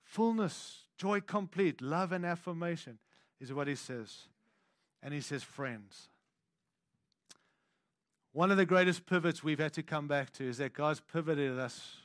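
High-voiced man preaching a sermon. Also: a little slow, no echo, clean studio sound. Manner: swings from hushed intimate lows to loud emphatic declarations; conversational asides to the congregation. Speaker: pastor.

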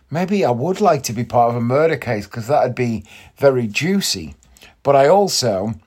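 A man's voice: medium pitch, darkish tone. A man hosting a podcast, chatting casually and rambling with self-deprecating asides, tired and yawning. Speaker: podcast host. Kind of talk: casual solo podcast chat.

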